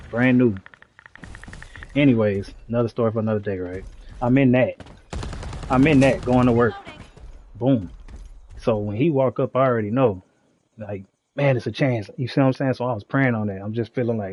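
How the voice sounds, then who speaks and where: A man on a live stream, telling a story in an animated, slangy way with lots of "you know what I'm saying.". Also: mid-range voice, moderate pace, pauses often, dull audio, slight background noise. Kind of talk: casual storytelling.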